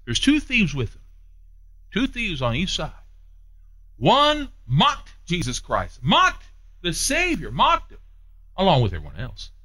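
Male preacher, emphatic and repetitive, animated pitch swings. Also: a little slow, pauses often, low-quality recording. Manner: emphatic, repeats phrases, swings between hushed and raised. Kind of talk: sermon.

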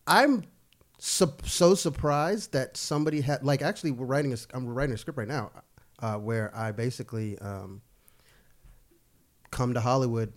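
A man's voice: medium pitch, moderate pace. A man, a guest actor and writer, telling stories in casual chat, laughing often and swearing freely. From United States. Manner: animated storyteller, laughs a lot, swears freely.

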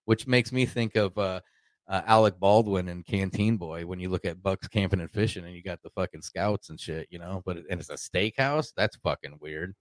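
A man's voice: low voice, moderate pace, no room sound. A man from Arkansas telling a rambling, profane story in a casual podcast chat, acting out the voices of the people he quotes. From Arkansas, United States.

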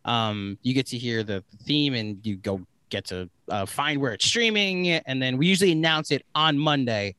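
A man chats as a podcast guest, his voice bright and forward. He talks in long, eager run-on sentences. The sound is dry and close. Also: mid-range voice, expressive, normal speed, few pauses, smooth, no echo. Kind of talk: casual podcast chat.

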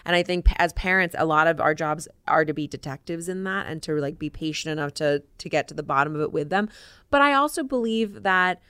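A woman co-hosting a parenting podcast, speaking with a fairly low and smooth voice. She reflects aloud and often restarts her sentences as she thinks, recorded close and dry. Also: lively intonation, a little fast, a bit bright, dry recording. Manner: thoughtful, reflective, frequent restarts. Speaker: podcast co-host. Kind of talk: casual parenting chat.

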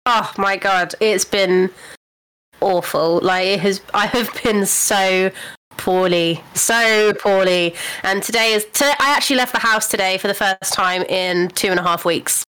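A woman's voice: medium pitch, moderate pace, pushed and bright, clean tone, low-quality recording. A young British woman co-hosting a podcast, telling a long casual story and acting out the people she quotes. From United Kingdom. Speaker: podcast co-host. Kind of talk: casual chat.

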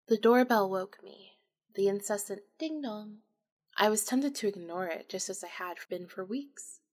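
A woman's voice: mid-range voice, lively intonation, measured pace, a little mellow. Woman narrating an intimate ghost story. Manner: intimate, emotional, confessional. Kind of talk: first-person story narration.

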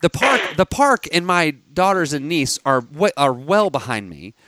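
With a slightly high voice at normal speed and no room sound, this thirty-something podcast co-host tells a long, casual story. He keeps restarting, laughs along the way, and now and then bursts into shouting.

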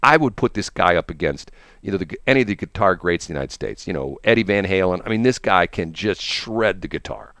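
A male host chatting on the radio, his pitch swinging widely as he rambles from one enthusiastic story to the next. The sound is dry and close, with no room around it. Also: animated, fairly quick, fairly bright tone, dry recording. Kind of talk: casual chat.

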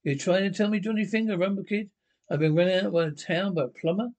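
An actor playing a scheming, swaggering outlaw gunman in a 1960s comedy film, talking in a gruff, threatening way. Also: sits high, fairly even intonation, a little fast, a little mellow. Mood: scornful.

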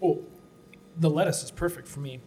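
A man's voice: fairly high pitch, normal speed, dark tone. A man from Canada hosting a casual food-review chat, enthusiastic and playful. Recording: clear background noise.

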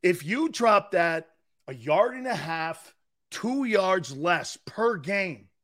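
A man hosting a sports talk show, delivering an excitable, emphatic monologue that swings between shouting and low asides. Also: takes it slowly.

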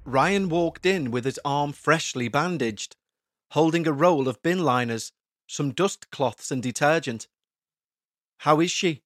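A man narrating a scripted horror story in a slow, measured, tense way. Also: on the high side, dry recording. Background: faint background music.

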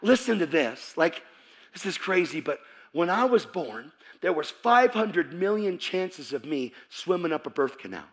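A man preaching a sermon to a church audience, telling his own story and breaking into shouts. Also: fairly high pitch, unhurried. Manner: animated storytelling that bursts into shouting. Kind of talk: sermon with personal testimony.

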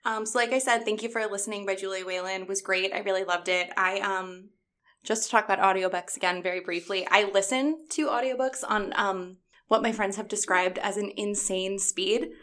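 A woman's voice: medium pitch, steady tone, brisk, a bit bright. A woman who works as a children's librarian, chatting casually and enthusiastically on a podcast and laughing often.

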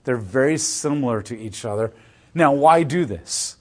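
Casting: male teacher, mid-pitched, relaxed explanatory lecture style, lots of "like". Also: moderate pace. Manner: casual, explanatory, uses many fillers like "like". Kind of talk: classroom lecture.

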